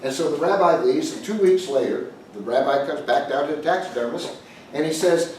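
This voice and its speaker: Speaking a little fast in a fairly high voice, this male pastor jokes his way through a story for a group, chatting and bantering with the audience in an animated manner. A distant microphone picks him up in an echoey room with some faint noise.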